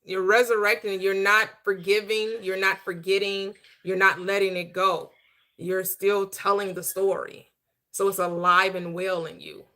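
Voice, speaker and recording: A woman with a bright, forceful voice delivers a motivational talk. She speaks in a style, stacking short repeated phrases like a preacher. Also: medium pitch, little pitch movement, normal speed. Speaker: host, manifestation coach. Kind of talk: motivational talk show chat.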